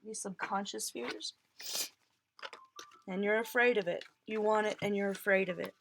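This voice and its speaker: A woman's voice: mid-range voice, steady tone, moderate pace, vocal fry, fairly bright tone, a little hiss or hum. A woman reading tarot cards for her viewers, tearful and heartfelt, laughing through her tears as she reassures them. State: crying. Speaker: tarot reader.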